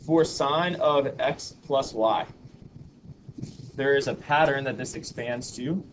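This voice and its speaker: A man's voice: medium pitch, takes it slowly, rough recording. A man teaching a math lesson to a class, patiently explaining formulas and leading the students in rhythmic chants to memorize them. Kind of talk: classroom lecture. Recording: audible background noise.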